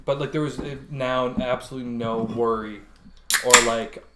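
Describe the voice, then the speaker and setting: A man's voice: medium pitch, steady tone, normal speed, heavy background noise. Young male podcast co-host, laughing storyteller who swears a lot, echoey room. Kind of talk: casual chat. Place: a house.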